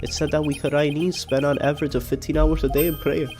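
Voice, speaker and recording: A man voicing an eager, devout young boy guide in a video game, speaking fast and earnestly. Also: a little high, little pitch movement, over music, lightly acted. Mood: proud.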